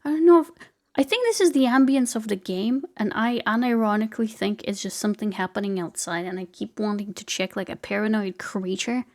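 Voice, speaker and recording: A woman's voice: mid-range voice, brisk, darkish tone. A young woman streaming a game live, chatting playfully with viewers and swearing casually.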